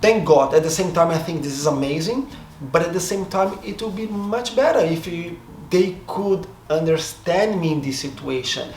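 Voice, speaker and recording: A man with a voice on the high side, a native Portuguese speaker from Brazil with a Brazilian accent, vlogs a casual monologue to his camera while seated. He sounds reflective and hesitant, regularly stopping to restart and rethink. The room echoes, with faint background noise.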